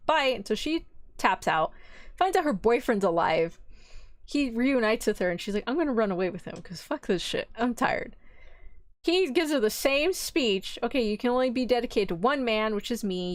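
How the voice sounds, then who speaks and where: A young woman streaming a casual anime recap, acting out the characters' lines in an animated, swearing storyteller's way. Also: medium pitch, a little fast, no echo. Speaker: VTuber streamer.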